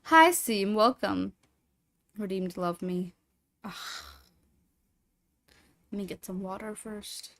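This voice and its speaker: A woman livestreaming, chatting casually with viewers and reading a horror story aloud, lively and quick to swear and laugh. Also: mid-range voice, creaky.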